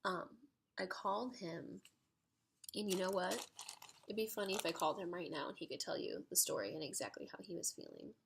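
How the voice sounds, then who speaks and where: A woman telling a story to camera in an excitable, chatty way, full of "like". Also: lowish voice, fairly quick, vocal fry, slight background noise. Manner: excitable, chatty, heavy use of "like". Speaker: storytime vlogger. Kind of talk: casual storytelling.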